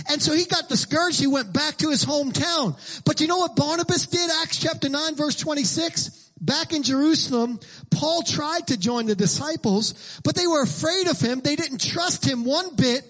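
High-voiced, emphatic male pastor preaching. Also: moderate pace. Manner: emphatic, repetitive preaching that builds into shouted lines. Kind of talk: sermon.

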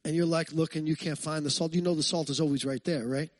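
A man pastor preaching a lively, conversational sermon, full of jokes and asides to the congregation. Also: fairly high pitch, quick pace, dry recording.

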